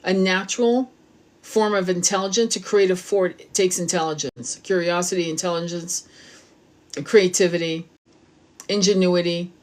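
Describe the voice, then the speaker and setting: A middle-aged woman with a lowish, slightly mellow voice gives a spiritual tarot reading at a normal speed with fairly even intonation. As a tarot reader she's blunt and impassioned, swearing freely throughout.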